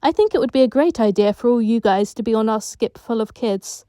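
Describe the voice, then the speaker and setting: A woman's voice: on the high side, a little fast, dark tone, dry recording, clean studio sound, lightly acted. A woman doing a chatty TV presenter man. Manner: upbeat, chatty, encouraging. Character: friendly male TV presenter.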